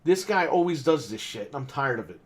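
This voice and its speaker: A man's voice: medium pitch, lively intonation, brisk. A man on a podcast telling a long, exasperated story about customers at his game store, swearing often and acting out what people said. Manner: exasperated, swears a lot, acts out quotes. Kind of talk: casual ranting story.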